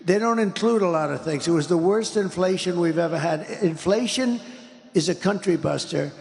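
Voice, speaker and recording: A man's voice: fairly high pitch, fairly quick, gravelly, a little mellow, long reverb tail. An older man giving an interview, talking in an emphatic, repetitive, rambling way. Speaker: interview guest. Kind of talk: interview conversation.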